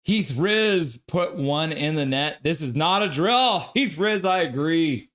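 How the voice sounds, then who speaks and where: A man streaming live hockey play-by-play, excitable and profane, reading viewer chat aloud between calls. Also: on the high side, takes it slowly. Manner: excitable, swears, reads chat comments aloud.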